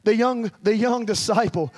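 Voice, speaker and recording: A male pastor with a notably high-pitched voice delivers his sermon. His preaching is impassioned and plain-spoken, with an everyday, colloquial turn of phrase. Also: moderate pace.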